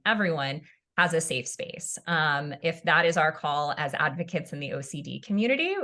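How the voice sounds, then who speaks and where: Earnest woman pastor, warm emotional reassurance, bright clear tone, lower voice. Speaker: pastor and mental health advocate. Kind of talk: heartfelt discussion.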